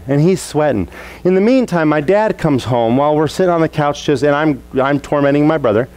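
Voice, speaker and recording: A man preaching a sermon as a pastor, telling a childhood story and acting out the family scenes in lively voices. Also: on the high side, brisk, rough recording.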